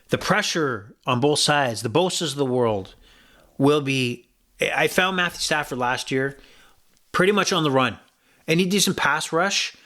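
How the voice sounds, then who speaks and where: A man's voice: on the high side, fairly bright tone. Blunt rambling man talking football bets. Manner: blunt, rambling, with profanity and restarts. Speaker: sports betting podcast host. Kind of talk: casual sports betting talk.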